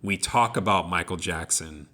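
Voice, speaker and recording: A man's voice: low-pitched, moderate pace, bright, forceful tone. A young man co-hosting a podcast, telling personal stories in an earnest, reflective way. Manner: earnest, reflective storytelling with many restarts. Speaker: podcast co-host. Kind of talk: casual discussion of song lyrics.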